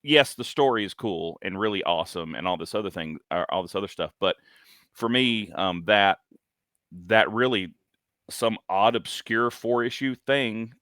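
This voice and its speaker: A deep-voiced man in his forties, bright and forceful, chatting casually about comics on a podcast. He hesitates a lot, stacking ums and restarts. The sound is close and dry. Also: normal speed, dry recording. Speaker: podcast co-host. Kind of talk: casual comic review chat.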